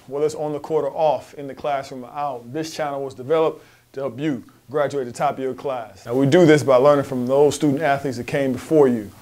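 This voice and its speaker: A man hosting a basketball advice channel, telling stories in a lively, slangy, casual way. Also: mid-range voice. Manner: animated storyteller with slang.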